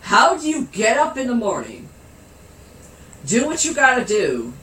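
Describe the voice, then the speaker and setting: A man with a high, lively voice spins a loose, funny anecdote, breaking into giggles and cursing without a second thought. He takes his time with it, in a roomy space with faint background noise. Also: unhurried. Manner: swears freely. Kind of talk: casual storytelling.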